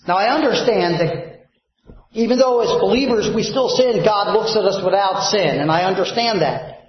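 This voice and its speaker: High-voiced preacher in an echoing hall. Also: male voice. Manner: asks the congregation fill-in questions. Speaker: pastor. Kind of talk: sermon. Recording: very echoey, dull lo-fi sound.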